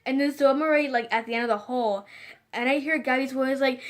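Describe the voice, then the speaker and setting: A woman's voice: a little high, fairly quick. A teenage girl chatting casually to the camera in a rambling way, full of fillers and restarts. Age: teens. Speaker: vlogger.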